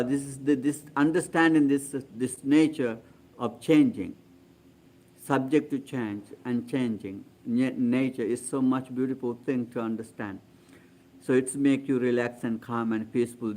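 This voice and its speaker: Man, meditation teacher, very slow pace, halting with fillers. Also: medium pitch, a little mellow. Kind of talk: guided meditation talk.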